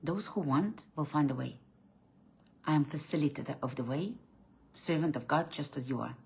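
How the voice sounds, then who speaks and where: A woman speaking as a spiritual coach, her voice sitting a little low for a woman. She delivers a blunt, preachy faith talk, swinging between loud, emphatic outbursts and quiet, dropped-down lines. She often restarts and repeats words mid-thought. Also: moderate pace, creaky.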